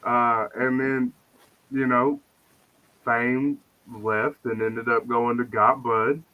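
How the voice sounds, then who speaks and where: A man's voice: mid-range voice, fairly even intonation, slow pace, narrow, tinny audio. A man talking in casual, profane, joking banter as a guest on a live podcast stream.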